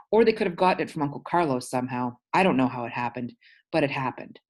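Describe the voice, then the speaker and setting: Woman teacher, very deep voice, reads a novel aloud and explains words as she goes. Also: fairly quick. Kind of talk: reading a novel aloud to a class.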